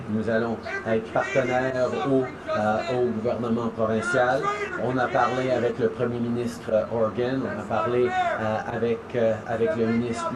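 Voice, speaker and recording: A man giving a formal public statement as a politician, measured and hesitant with fillers. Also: medium pitch, reverberant.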